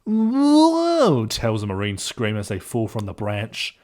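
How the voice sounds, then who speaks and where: A man reading a fan story aloud as narrator in a plain, steady way. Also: fairly low pitch, moderate pace, slight background noise.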